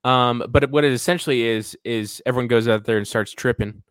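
A man's voice: mid-range voice, brisk, a bit bright, smooth, no room sound. A man co-hosting a podcast in casual chat, teasing with dry, wry asides. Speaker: podcast co-host.

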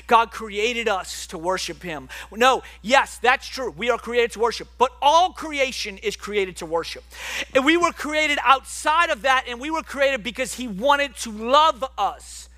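Male preacher, sermon, very high voice, bright tone, animated delivery, soft to loud swings.

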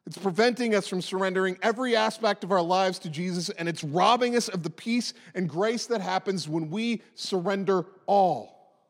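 High-voiced preacher in his forties. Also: moderate pace, long reverb tail. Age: 40s. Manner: impassioned, emphatic, repeating phrases. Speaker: pastor. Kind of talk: sermon.

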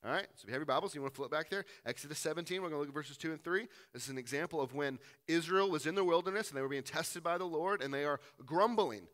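Brief: male pastor, fairly high, bright and sharp, teaching scripture with questions to the room. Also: rapid-fire, few pauses. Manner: reads verses aloud and asks rhetorical questions. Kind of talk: sermon, teaching through scripture.

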